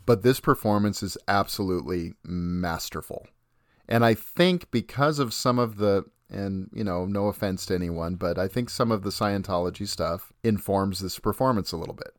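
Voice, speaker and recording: Low-voiced man discussing films. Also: unhurried, no echo, clean studio sound. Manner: enthusiastic, acts out quoted lines. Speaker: podcast co-host. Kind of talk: casual film discussion.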